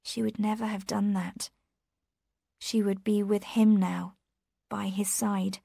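A woman's voice: mid-range voice, little pitch movement, takes it slowly, vocal fry, warm tone, breathy edge, no room sound, studio quality, heavily acted. A woman doing a frightened young woman. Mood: distressed. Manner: urgent, pleading.

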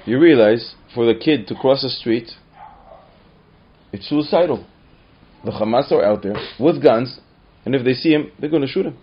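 A man teaching a class as a rabbi, telling stories and acting out whining children in high voices. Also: moderate pace, pauses often. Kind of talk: storytelling lesson in English. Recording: dull lo-fi sound.

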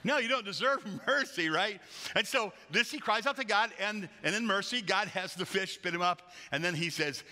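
A man preaching a sermon as a pastor, lively and joking, acting out voices as he tells the story. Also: sits high, normal speed, long reverb tail. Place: large church hall.

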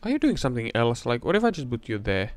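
A young man giving casual let's-play commentary, rambling between mumbled asides and loud excited outbursts. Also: medium pitch, fast talker, dry recording, faint music behind.

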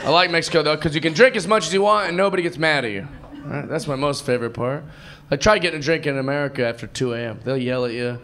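A man in his thirties doing energetic stand-up comedy on a club stage with a handheld mic, often acting out other people in voices. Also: on the high side, fast talker, background noise. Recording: live club recording with crowd laughter. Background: audience laughter.

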